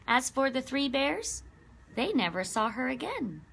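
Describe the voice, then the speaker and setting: A woman, a children's librarian, reading a picture book aloud to children with lively expression and questions for her listeners. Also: high voice, measured pace, creaky, husky.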